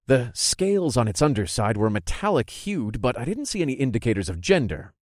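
A man's voice: mid-range voice, a little fast, no echo, studio quality. A man reading a first-person fantasy story aloud as an audiobook narrator, telling it expressively. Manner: expressive storytelling, voicing characters' lines.

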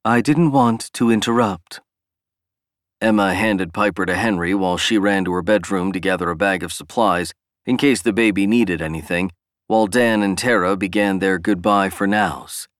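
A man narrating a novel in a steady, even storytelling read. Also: low-pitched, moderate pace, dry recording, studio quality. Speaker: audiobook narrator. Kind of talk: scripted narration.

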